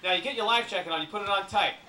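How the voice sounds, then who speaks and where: A man giving a comic cruise ship briefing to an audience, full of deadpan jokes and asides. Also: high voice, very fast, far from the mic, a little hiss or hum. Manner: jokey deadpan patter with asides. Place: ship lounge. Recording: echoey room, camcorder from afar.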